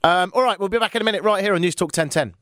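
A man's voice: high-pitched, rapid-fire, fairly bright tone, slight background noise. An English man hosting a call-in radio show, chatting in a wry, joking way and reading texts aloud. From England. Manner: wry, joking, self-mocking.

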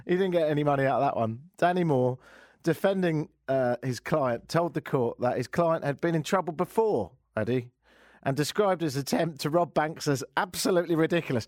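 This man's voice is a little high and very animated, moving at a moderate pace. He's from England and hosts a comedic talk radio show, trading sarcastic jokes, telling news stories, and laughing at his own lines. The studio microphone gives a clean studio sound with no room sound.

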